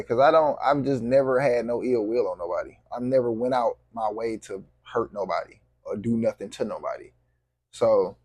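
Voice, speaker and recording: Husky man venting, heated and profane. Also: mid-range voice, darkish tone, no room sound, studio quality. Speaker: vlogger. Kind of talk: venting to camera.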